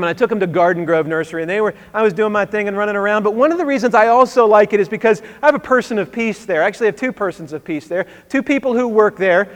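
Man preaching, high-pitched, casual storytelling sermon, wry asides, long church reverb. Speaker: pastor.

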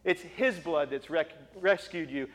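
A man's voice: fairly high pitch, a little slow. Emphatic male pastor in a reverberant hall. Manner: emphatic, rising to forceful repetition. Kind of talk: sermon.

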